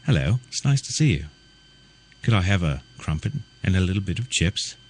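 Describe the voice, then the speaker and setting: A man's voice: sits low, sing-song, normal speed, darkish tone. A man putting on a prim, exaggerated English-sounding voice to mock someone.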